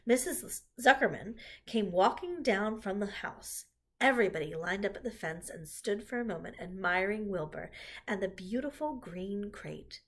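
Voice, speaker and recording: A woman reading a children's book aloud in an expressive storytelling manner, with a husky voice. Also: medium pitch. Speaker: reader.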